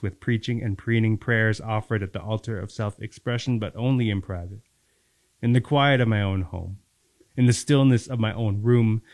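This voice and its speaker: A man recites his poems in a measured, lyrical way. The sound is dry and close, with little room around it. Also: fairly low pitch, no echo. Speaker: poet. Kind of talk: poetry reading then casual chat.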